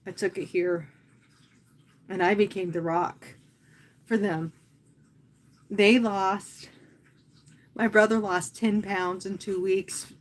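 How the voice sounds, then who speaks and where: A woman who hosts live fitness classes, talking earnestly and from the heart to her viewers in a casual livestream, often pausing and speaking softly. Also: medium pitch, fairly even intonation. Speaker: fitness instructor and livestream host.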